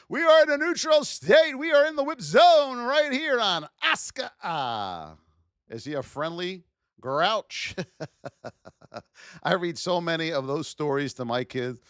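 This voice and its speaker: A man's voice: high voice, takes it slowly, clean tone, no room sound, clean studio sound. A middle-aged man hosting a live trading stream, giving chart commentary and calling out to viewers in the chat. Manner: animated, shouts out to chat viewers. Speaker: trading livestream host.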